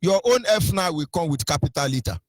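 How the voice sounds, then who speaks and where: A man's voice: a little high, animated, brisk, no echo. A Nigerian man hosting a radio talk, preaching about culture and slipping into pidgin and sing-song mimicry. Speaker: radio host.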